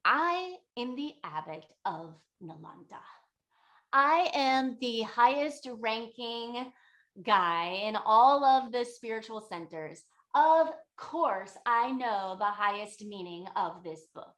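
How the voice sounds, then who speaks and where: A woman's voice: mid-range voice, steady tone, fast talker, few pauses, a little mellow, close to an everyday voice. A woman doing an arrogant proud male abbot. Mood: boastful. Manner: curt, dismissive put-downs.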